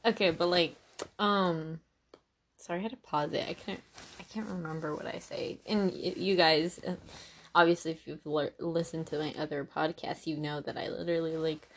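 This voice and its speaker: A woman's voice: sits low, fairly even intonation, moderate pace, a little hiss or hum. A young woman hosting a casual podcast, telling a story in a rambling, giggly way, full of "like", recorded on a phone. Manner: rambling, giggly, heavy use of "like". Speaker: podcast host. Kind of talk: casual chat.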